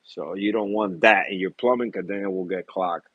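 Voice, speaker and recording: A man's voice: sits low, fairly even intonation, normal speed, husky, dry recording, narrow, tinny audio. A man in a casual, rambling vlog about his reef tanks, full of fillers, easy laughs and repeated apologies. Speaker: reef tank hobbyist vlogger. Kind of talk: casual chat.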